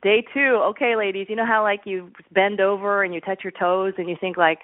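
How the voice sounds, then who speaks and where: A woman's voice: mid-range voice, a little fast, dry recording. A woman guest author speaks in a radio interview, telling personal stories with plenty of life. She slips into the voices of the people she quotes as she goes. The sound is a thin, tinny phone line, completely dry. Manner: lively storyteller who acts out quoted voices.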